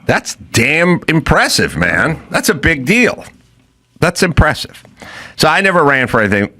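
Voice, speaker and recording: A man's voice: a little high, unhurried. A middle-aged man, telling stories in casual chat as a podcast host. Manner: storytelling, animated, acts out quotes.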